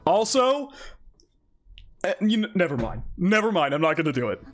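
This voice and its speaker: Man, anime reaction host, excitable, rambling, laughs a lot, lively voice. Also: high voice, moderate pace, soft background music. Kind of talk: casual reaction commentary.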